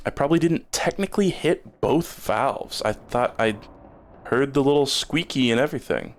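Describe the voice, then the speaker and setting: A man's voice: mid-range voice, expressive, normal speed. A man streaming a game, rambling in casual commentary and stumbling over repeated words when he gets stuck.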